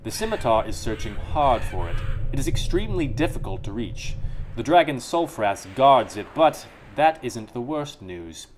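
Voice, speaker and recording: A man reading the lines of a cold, vengeful exiled sorceress in a slow, deliberate, menacing way. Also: mid-range voice, sing-song, faint music behind, lightly acted. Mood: scheming.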